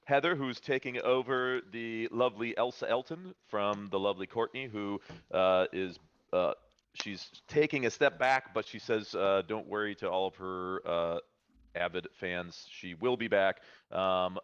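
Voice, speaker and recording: A man narrating as dungeon master of a tabletop game on a live stream, halting and full of uh and um fillers. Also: fairly low pitch, a bit bright, smooth, no room sound, muffled recording.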